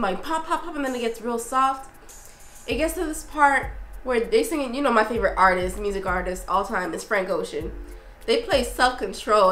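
A young woman vlogging in a casual, effusive way, talking excitedly with lots of fillers and restarts. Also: fairly high pitch, reverberant, poor audio. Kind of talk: casual review vlog.

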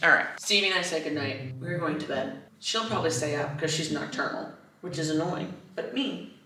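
A woman vlogs at home in a fairly low voice, chatty and self-deprecating, wandering off into asides. She sits a little back from the camera mic, so the room rings around her, and a faint hiss runs underneath. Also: fairly quick, sharp tone. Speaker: vlogger. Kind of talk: casual chat to camera. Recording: roomy, distant camera mic.

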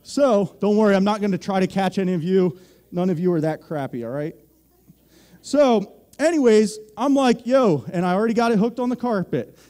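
A man's voice: high voice, moderate pace, warm tone. A young man from Pennsylvania preaching a sermon, telling a joking, self-deprecating story to the church. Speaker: pastor.

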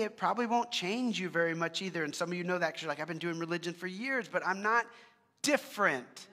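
A man leads prayer and preaches in an easy, conversational way, earnest but quick to joke, often restarting his sentences. His voice sits high and sounds bright and forward. The long reverb of a church sanctuary trails behind every phrase. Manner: earnest, joking asides, frequent restarts. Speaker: pastor. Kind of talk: casual conversational sermon with prayer.

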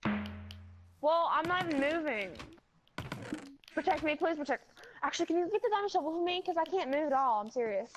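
A woman from Virginia, chatting casually and excitably over a gaming mic. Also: high voice, a little fast, pauses often. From West Virginia. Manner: excitable, rambling, apologetic. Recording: noticeable background noise and clicks.

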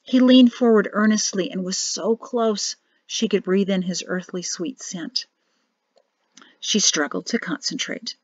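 Female audiobook narrator, expressive read, dry and slightly muffled sound. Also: medium pitch, measured pace, slightly rough, no echo. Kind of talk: scripted narration.

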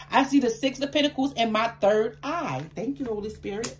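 A woman giving a tarot card reading to her viewers, chatty and affectionate, with excitable bursts of laughter and exclamations. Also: medium pitch, normal speed, few pauses, a little hiss or hum. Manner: chatty, affectionate, calls listeners baby.

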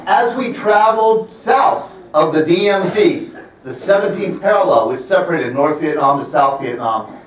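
A man's voice: fairly high pitch, animated, a little hiss or hum. Man in his fifties telling stories in a roomy hall. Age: 50s. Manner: wry storyteller, slows to stress points. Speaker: presenter. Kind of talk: storytelling public talk. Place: library event room. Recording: roomy sound from a distant mic.

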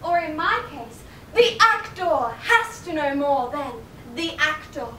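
A woman plays a prim, condescending know-it-all girl with a very high, bright voice. The sound comes from a camera far back in an echoey theatre. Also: sing-song, slow pace, slight background noise, exaggerated voice. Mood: snooty. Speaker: stage actor. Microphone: far camera in audience.

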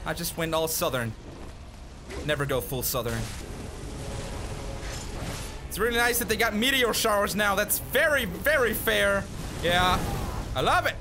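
A man giving let's play commentary, swearing and exasperated, bursting into shouts, with game music behind. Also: high-pitched, very animated, measured pace, pauses often. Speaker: gaming YouTuber.

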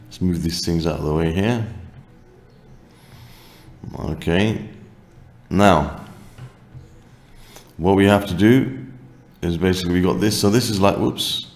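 Deep-voiced man teaching maths, echoey room. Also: slow pace, pauses often, a little mellow. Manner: talks while writing, thinking aloud with frequent "okay"s and self-corrections. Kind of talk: worked-example maths tutorial.

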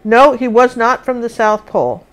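A woman's voice: on the high side, lively intonation, normal speed. A woman teaching a live painting lesson, chatting and thinking aloud as she works.

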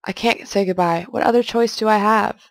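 A woman's voice: mid-range voice, steady tone, a little fast, no echo. A young woman casually commenting on a game she is playing, reading its text aloud and joking as she goes. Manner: jokey, chatty, talks to herself. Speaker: let's play host.

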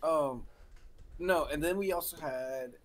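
A man on a podcast telling boot camp stories in casual chat, acting out shouting drill instructors. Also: a little high, slow, slight background noise.

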